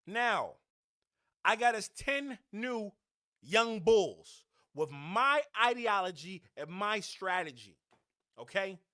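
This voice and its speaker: A fired-up man runs his fan podcast with a high, bright voice that cuts through. He talks in a blunt, preachy, heated way. The sound is close and dry, with no room around it. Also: lively intonation, slow pace, no room sound. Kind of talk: opinionated sports rant.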